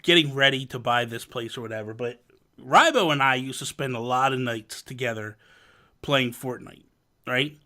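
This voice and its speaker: A man's voice: medium pitch, normal speed. A young man hosting a casual gaming podcast, telling stories with lots of laughter and mock exasperation. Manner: animated storyteller, laughs often, mock exasperation. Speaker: podcast host.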